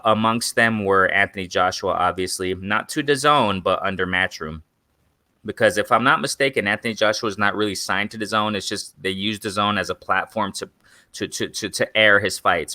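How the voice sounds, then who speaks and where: A young man talks boxing on a live stream, circling back and repeating himself while calling out to his viewers. His voice sits a little low but has a forceful, bright edge. The sound is dry and close, with no room around it. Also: no echo. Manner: rambling, repetitive, addresses viewers as guys. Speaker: boxing channel host. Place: in Mexico.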